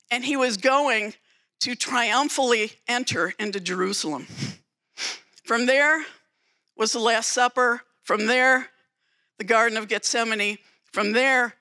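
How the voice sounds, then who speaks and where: A preacher delivers a sermon, telling the story with theatrical drama and coming back again and again to emphatic phrases. His voice is bright and forward, middle in pitch, at a measured pace.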